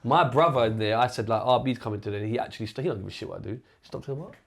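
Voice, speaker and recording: A man's voice: medium pitch, racing, vocal fry. A man hosting a podcast who speaks in casual, emphatic chat, often calling his guest bro. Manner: emphatic, calls people bro. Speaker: podcast host.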